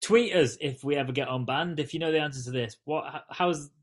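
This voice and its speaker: A man's voice: on the high side, brisk. A British man co-hosting a podcast in casual chat, teasing the others with profane banter. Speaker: podcast co-host.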